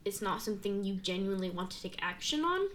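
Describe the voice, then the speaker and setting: Young woman guest, casual halting delivery, faint hiss behind. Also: medium pitch, sing-song, a bit bright. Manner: halting, many fillers and restarts. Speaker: guest sharing her story. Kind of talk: candid casual conversation.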